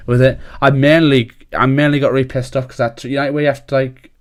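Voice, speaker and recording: A young man in his twenties hosting a loose, rambling podcast chat. His voice sits at an ordinary middle pitch. He drifts from story to story, swears freely and breaks into laughter as he goes. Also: level tone, fast talker. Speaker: podcast host.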